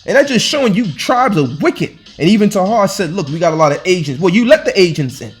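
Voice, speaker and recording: Soft music underlies this informal scripture-reading sermon by a fast-talking man with a high, animated voice. He hectors and repeats himself, throwing out rhetorical questions and restarting in a loose, colloquial way.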